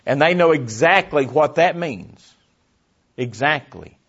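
A man preaching a sermon to a congregation, swinging between forceful emphasis and hushed near-whispers, repeating his phrases. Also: fairly high pitch, expressive, slow pace, husky, highs cut off. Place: church before a congregation.

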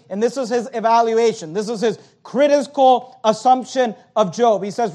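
A man preaching an evening sermon as pastor, teaching verse by verse, with repeated words and "uh" fillers, getting louder when he quotes scripture. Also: very high-pitched, fairly even intonation, brisk, hardly any pauses.

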